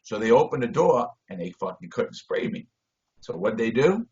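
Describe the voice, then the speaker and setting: A man telling a story on a video call, blunt and profane, shifting between loud bursts and low mutters. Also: big pitch swings, normal speed. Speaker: interview guest. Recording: dull lo-fi video call audio.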